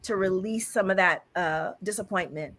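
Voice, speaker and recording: A woman's voice: mid-range voice, moderate pace, a bit bright, a little hiss or hum. A woman guest, an author and speaker, talking in an emphatic, dramatic way and drawing on faith language in an interview. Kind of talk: animated interview conversation.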